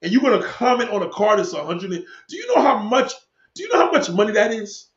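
In a fast, sing-song, high voice, a man delivers a profane tirade to the people watching his stream. He curses a lot and drifts from point to point. The sound is muffled and low-fidelity, with room echo.

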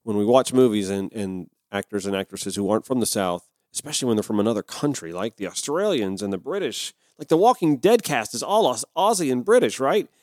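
A man's voice: mid-range voice, lively intonation, brisk, few pauses, darkish tone, no echo, clean studio sound. A man from Georgia hosting a podcast, reading an article aloud and breaking off into conversational, self-deprecating asides. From Georgia, USA. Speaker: podcast host.

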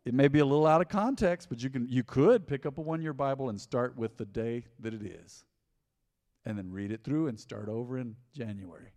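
A male pastor preaching a sermon in a church hall, animated and conversational, often repeating his points. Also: medium pitch, fairly quick. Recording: long hall reverb.

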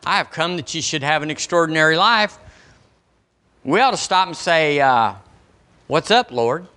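A man's voice: a little high, bright, forceful tone. A man preaching a sermon as pastor of a church, in a folksy, conversational way, acting out questions people ask the Lord. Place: church sanctuary.

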